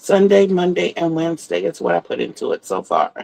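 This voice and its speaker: A woman's voice: lowish voice, very animated, a little fast, vocal fry, darkish tone, poor audio. Chatty middle-aged woman, rambling. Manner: rambling, chatty storytelling, greets viewers by name. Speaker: livestream host. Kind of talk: casual livestream chat.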